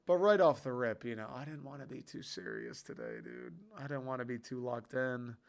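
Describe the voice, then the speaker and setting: Rambling young man, smooth voice. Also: medium pitch, big pitch swings, moderate pace. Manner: rambling, loose and profane. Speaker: podcast host. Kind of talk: casual solo podcast talk.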